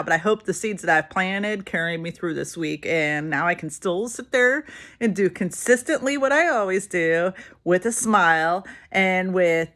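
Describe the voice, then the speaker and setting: A woman's voice: lowish voice, a bit bright. Middle-aged woman, casual talker, coaches her sales team while she gets ready, acts out the people in her anecdotes. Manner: chatty storytelling, acts out quoted voices. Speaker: direct sales team leader. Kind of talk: casual vlog advice while doing makeup.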